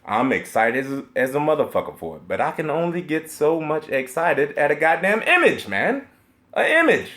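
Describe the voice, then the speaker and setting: A man's voice: on the high side, sing-song, normal speed, hardly any pauses, fairly bright tone. A young man ranting on a live stream about video games, profane and emphatic, repeating himself and laughing between points. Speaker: gaming streamer.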